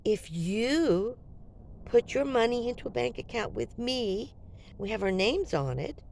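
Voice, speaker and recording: A woman's voice: on the high side, big pitch swings, unhurried, gravelly, darkish tone, slight background noise, pitched above the performer's own voice, heavily acted. An older woman in her seventies voicing a forty-something drifter who talks vaguely and hesitantly, full of fillers. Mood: evasive.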